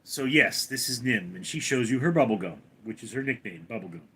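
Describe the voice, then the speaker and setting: A man's voice: expressive, brisk, slightly rough. A man live streaming from home, reading viewer names aloud and answering them in a casual chat. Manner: reads viewer names out loud, then answers in a lower voice.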